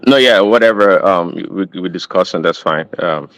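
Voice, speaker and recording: A man speaking as a guest in a casual discussion, relaxed and hesitant, with many fillers. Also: low voice, normal speed, clear, resonant tone, no room sound, poor audio. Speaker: panel guest.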